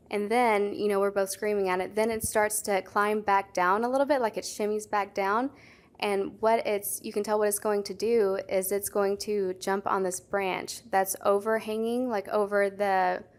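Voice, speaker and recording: A woman's voice: medium pitch, fairly even intonation, normal speed. Chatty young woman telling a story. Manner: chatty, lots of "like" fillers. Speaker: podcast co-host. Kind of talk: casual storytelling chat.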